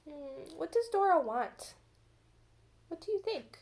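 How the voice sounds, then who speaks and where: A woman reads a picture book aloud to young children, gentle and patient, stopping to ask what they think. Her voice is high and her pace slow and deliberate. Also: very animated. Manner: gentle, asks children questions. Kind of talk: children's storybook read-aloud.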